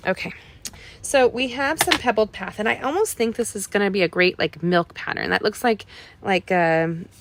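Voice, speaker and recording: A woman's voice: mid-range voice, normal speed, background noise. A middle-aged woman hosting a live card-making tutorial, chatting folksily with viewers as she works. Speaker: card-making livestream host. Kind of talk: casual crafting tutorial.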